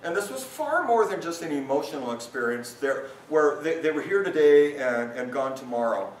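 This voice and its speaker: A male pastor preaching a lively sermon at a men's retreat, his voice climbing when he acts out the crowd. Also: normal speed, slight background noise. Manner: animated, voice rises high when acting out listeners. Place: conference hall at a retreat. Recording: roomy hall sound, mic from a distance.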